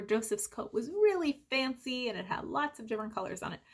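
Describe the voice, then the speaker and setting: A woman teaching a Sunday school lesson to young children, speaking gently and encouragingly, slow and clear. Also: fairly high pitch.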